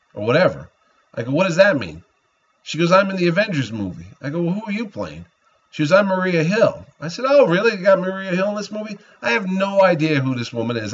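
Middle-aged male podcast host, husky and a touch high, a chatty storyteller who voices everyone he talks about, muffled lo-fi sound. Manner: animated, acts out both sides of conversations. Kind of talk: casual storytelling. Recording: dull lo-fi recording.

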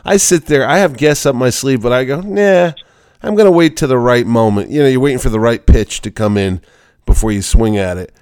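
A man's voice: medium pitch, darkish tone, smooth, no room sound, studio quality. A man hosting a casual podcast, chatting about a movie he saw. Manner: chatty, talks quickly with restarts. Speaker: podcast host, convention organizer.

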